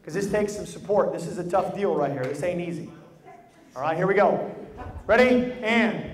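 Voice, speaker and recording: High-pitched male coach, emphatic and directive, live in an echoey room full of people. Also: animated, normal speed. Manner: emphatic and directive, repeats his cues. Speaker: motivational coach leading a group exercise. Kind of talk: live instruction to a group. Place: large room with an audience. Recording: echoey hall with crowd noise.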